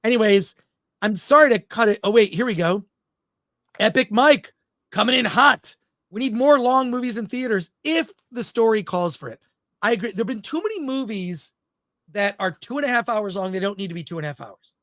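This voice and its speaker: A man's voice: high voice, animated, fairly quick, a bit bright, dry recording, clean studio sound. A man co-hosting a film podcast in casual, opinionated chat, reading out live chat comments as he goes. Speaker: podcast co-host.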